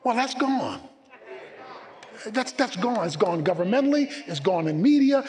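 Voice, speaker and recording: A man preaching a sermon as pastor, emphatic, swinging between loud declarations and low asides. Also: very animated, unhurried, long pauses, big-room sound.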